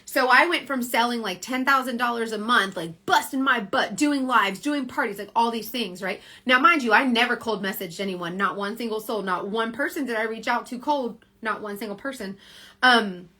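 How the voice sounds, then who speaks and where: This woman's voice runs on the high side, pushed and bright, at a moderate pace. She's a direct sales team leader rambling motivationally on a phone livestream, saying "like" a lot and fixing her own words.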